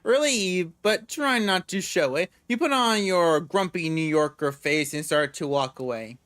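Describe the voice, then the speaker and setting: A man reads game narration aloud in a casual, relaxed way, often tripping over words and starting them again. His voice is bright and sharp, and it sits a little high for a man. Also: unhurried, dry recording. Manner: stumbles and restarts words while reading. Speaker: gamer reading a visual novel aloud.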